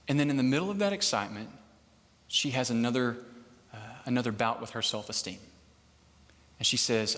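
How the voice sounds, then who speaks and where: A male pastor preaches in a loose, chatty way, cracking jokes and checking in with his listeners as he goes. His voice sits at an ordinary middle pitch. A long reverb from the large hall trails behind every phrase. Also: brisk, long pauses, a bit bright. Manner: chatty and joking, keeps checking in with "okay?". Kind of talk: casual conversational sermon. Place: large hall, live service.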